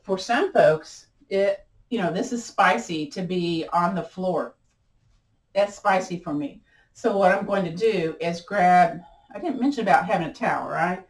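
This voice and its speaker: A woman teaching a gentle yoga class, chatty and encouraging, often laughing at herself. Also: lowish voice, unhurried, roomy sound, distant mic, poor audio. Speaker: yoga instructor.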